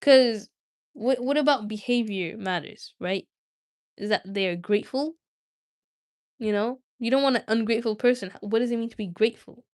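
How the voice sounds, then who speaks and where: A woman's voice: on the high side, normal speed. A young woman hosting a livestream, chatting casually with viewers in a rambling, self-interrupting way. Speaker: livestream host.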